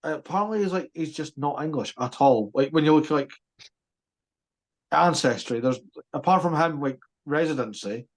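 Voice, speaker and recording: Man, rugby podcast host, casual banter, fairly high voice. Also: moderate pace. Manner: jokey, lively banter.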